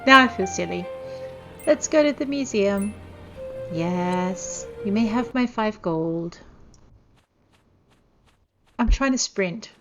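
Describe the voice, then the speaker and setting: A woman with a mid-pitched voice gives relaxed let's-play commentary, chatty and self-deprecating as she talks straight to her viewers. The recording sounds somewhat dull and lo-fi, like a basic home mic. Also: slow pace, pauses often, over music. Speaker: gameplay narrator.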